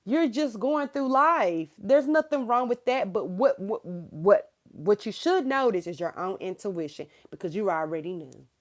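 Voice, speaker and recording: A woman's voice: mid-range voice, expressive, measured pace, few pauses. A woman in her thirties giving a live tarot reading, talking frankly and laughing often as she calls the viewer girl. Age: 30s. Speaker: tarot reader.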